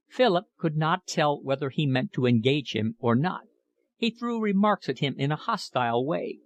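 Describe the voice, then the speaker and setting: A man narrating an audiobook of a classic novel in a measured, even reading. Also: on the high side, no room sound. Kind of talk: scripted narration.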